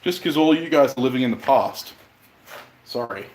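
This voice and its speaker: A man with a light Australian accent chats loosely with his livestream viewers, rambling from one point to the next and swearing now and then. His voice sits at an ordinary middle pitch. Faint noise from his workshop hums behind him. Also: lively intonation, moderate pace, darkish tone, roomy sound, low-quality recording. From Western Australia. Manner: chatty, rambling, mild swearing. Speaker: bladesmith livestreamer. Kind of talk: casual livestream chat, answering viewers.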